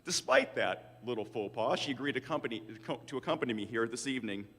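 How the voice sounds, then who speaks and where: The commencement speaker, an older man in his sixties, talks at a quick pace in a medium, fairly bright voice. He spins wry stories at his own expense, and his words echo through a big auditorium's PA with hall reverb.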